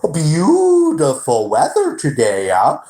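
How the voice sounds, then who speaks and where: A man mimicking an overly cheerful male store manager in a sing-song falsetto, drawing out his greetings. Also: wildly swooping pitch, slow pace, dark tone, roomy sound, exaggerated voice. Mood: gushing. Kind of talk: mocking impression.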